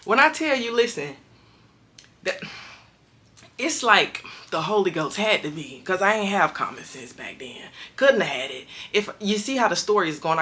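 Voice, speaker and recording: A young adult woman telling a prison story to camera in emphatic, slangy speech, acting out quotes with big leaps in pitch. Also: bright, forceful tone.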